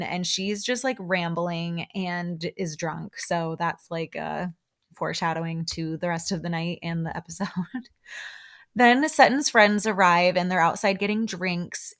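A woman's voice: fairly low pitch, a little slow, fairly bright tone, smooth. A woman hosting a podcast, casually recapping a reality show with frequent laughs and asides to her listeners.

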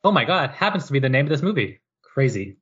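A man's voice: medium pitch, very animated, fast, a bit bright, breathy edge, dull audio. A man co-hosting a podcast, casually recapping history with jokes and mock quotes. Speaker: podcast co-host. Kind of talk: casual chat.

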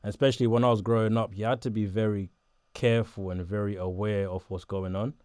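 A young man from southeast London with a South London accent, chatting casually in an interview, laid-back and quick to laugh. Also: fairly low pitch, steady tone, darkish tone, clear, resonant tone, no room sound, studio quality. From Botswana, raised in southeast London.

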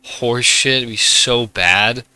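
Bright-voiced young man, casual podcast host. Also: mid-range voice, unhurried, smooth. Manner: relaxed, swears freely, eats while talking. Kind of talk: casual chat.

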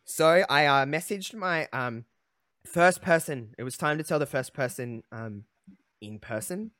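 A young man hosting a podcast, telling a personal story in a candid, emotional way, halting often with fillers. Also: a little high, expressive, a bit bright, dry recording, clean studio sound. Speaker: podcast host.

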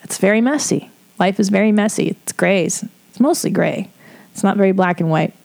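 A woman's voice: mid-range voice, normal speed, creaky, a little mellow. A middle-aged woman hosting an advice podcast, talking frankly in a casual way, swearing freely and laughing often. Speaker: podcast host giving advice.

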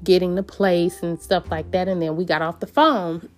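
Woman host, slow and earnest storyteller, meandering delivery full of fillers and restarts. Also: lowish voice, expressive, a little mellow. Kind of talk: reflective personal storytelling.

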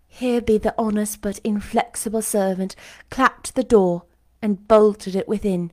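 A woman narrating a classic novel in the first person, expressive and emotional. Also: medium pitch, a little slow. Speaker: audiobook narrator. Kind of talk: expressive literary reading.

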